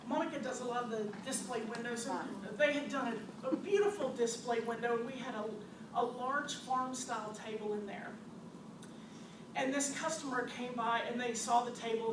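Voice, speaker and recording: A woman who owns a store, telling animated customer stories to an audience with frequent laughter. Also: a little high. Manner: animated, laughs often, acts out customers' quotes. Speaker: store owner presenting to a business audience. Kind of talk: storytelling presentation. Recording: distant, echoey, noisy room recording.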